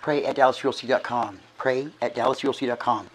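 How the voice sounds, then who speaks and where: A middle-aged man gives casual church announcements as archbishop, hoarse and short of breath, chatty and folksy with halting restarts. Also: mid-range voice, steady tone, low-quality recording. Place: church sanctuary.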